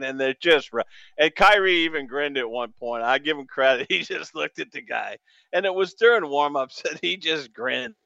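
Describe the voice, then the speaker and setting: A man from New England hosting a sports radio show, rambling excitably with stammering restarts. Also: on the high side, moderate pace, vocal fry, no echo, dull audio.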